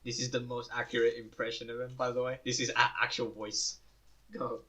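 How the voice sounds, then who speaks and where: A man's voice: mid-range voice, little pitch movement, a little fast, bright, forceful tone. A young man co-hosting a casual podcast who mostly chimes in with short reactions. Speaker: podcast co-host. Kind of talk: casual chat. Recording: slightly dull lo-fi mic.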